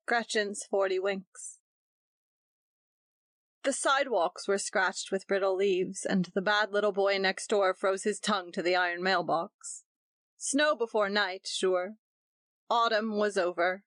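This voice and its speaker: Lady reading a story aloud, steady and calm, dry close mic. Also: mid-range voice, measured pace, dry recording. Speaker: audiobook narrator. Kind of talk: scripted narration.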